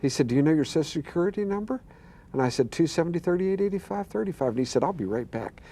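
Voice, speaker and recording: Older pastor guy telling his story, mellow and kinda breathy, repeats himself. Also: a little high, animated, fast talker. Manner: earnest storyteller who quotes voices and stammers. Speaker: pastor and guest. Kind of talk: telling a personal testimony.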